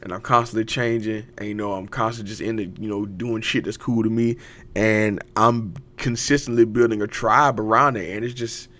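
A man's voice: fairly low pitch, steady tone, moderate pace, a bit bright. Hyped, profane man in a rambling pep talk. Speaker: podcast host. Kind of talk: casual motivational monologue.

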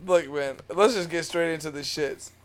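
Higher-voiced man ranting on a podcast. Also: moderate pace, fairly bright tone. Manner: slangy, cursing, laid-back ranting. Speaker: podcast co-host. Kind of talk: casual chat.

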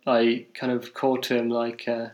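With a medium-pitched voice and an utterly flat delivery, an English podcast co-host spins a self-deprecating, meandering tale at a moderate pace during casual conversation. Fillers and restarts crop up throughout, and the sound has a roomy echo.

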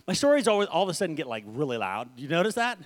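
A young man preaching a sermon, acting out stories with sudden shouts and repeated words. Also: on the high side, big pitch swings, rapid-fire. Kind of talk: animated sermon storytelling.

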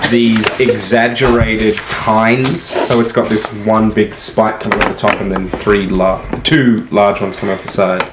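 A game master narrating a tabletop role-playing game, speaking haltingly with many fillers. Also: mid-range voice, little pitch movement. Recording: echoey room with clear background noise.

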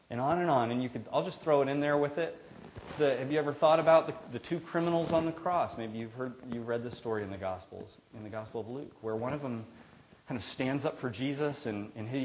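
A man's voice: medium pitch, low-quality recording. A man preaching a sermon in a church, in an earnest, conversational way with frequent restarts. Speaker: pastor. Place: church sanctuary.

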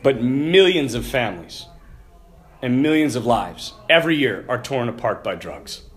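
A man voicing a calm, commanding older football coach who teaches his players a hard lesson. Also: mid-range voice, normal speed, natural voice. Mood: stern. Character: stern, shrewd older male football coach.

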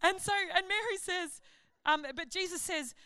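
High, bright woman preacher. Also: normal speed. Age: adult. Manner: chatty and animated, jokes and laughs at herself. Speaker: conference speaker, pastor. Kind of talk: sermon.

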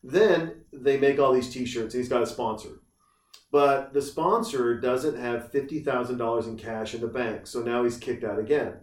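A man hosting a casual talk show, animated and joking, often slipping into mocking voices. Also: mid-range voice, normal speed, recorded from a distance. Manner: animated, mocks others in put-on voices. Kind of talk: casual chat. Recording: roomy echo, a bit off-mic.

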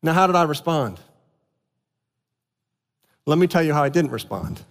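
A man preaching a sermon, telling a family story with animated outbursts and earnest explanation. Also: fairly high pitch, moderate pace. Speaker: pastor. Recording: long hall reverb.

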